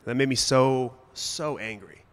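A man's voice: medium pitch, measured pace, big-room sound. A young adult man telling a personal story to a live audience, conversational with sudden emphatic bursts and comic timing. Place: stage at a brewery event.

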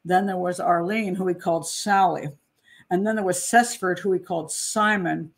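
A woman's voice: lowish voice, steady tone, moderate pace, creaky. A woman hosting a casual true crime commentary, talking in a chatty, digressive way, frank and opinionated, often laughing.

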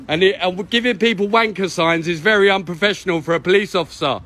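A man argues on a street, his voice sitting a little high and his words tumbling out agitated and repetitive. He is caught on a handheld phone, with a light hum of background noise. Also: fast, few pauses, a bit bright. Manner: insistent, agitated, repeats himself. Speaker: protester. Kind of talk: heated street argument.

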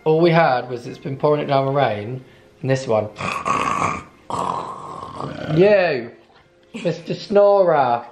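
A man's voice: medium pitch, brisk, darkish tone, roomy sound, faint music behind. A man chatting casually in a home vlog, cooing at his dog now and then. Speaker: vlogger. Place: at home indoors.

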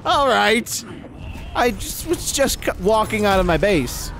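A man giving live gameplay commentary as a channel host, excitable, swearing and yelling at the game. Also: high-pitched, a little slow, slight background noise. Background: game music and sounds.

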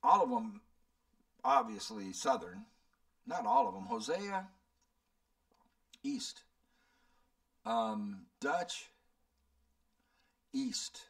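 A man's voice: a little high, very animated, very slow, creaky, pauses often, distant mic. A man in his seventies, a channel host, rambling and thinking aloud as he answers viewer questions. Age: 70s. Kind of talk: casual Q&A chat.

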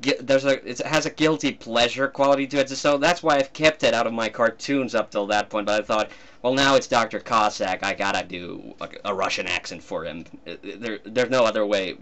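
A man's voice: lowish voice, steady tone, fairly quick, fairly bright tone. A man from Finland, a guest cartoonist talking in a casual commentary chat, hesitant and often breaking into laughs.

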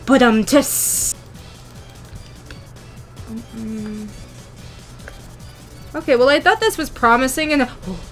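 A woman's voice: on the high side, takes it slowly, long pauses, soft background music. A young woman giving casual, playful commentary while playing a video game, talking to herself with jokey taunts and sudden squeals. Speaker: gaming YouTuber.

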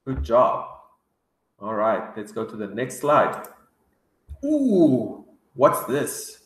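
A man teaching English words to young children, drilling each word slowly with excited gasps. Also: mid-range voice, reverberant. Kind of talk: vocabulary lesson for kids.

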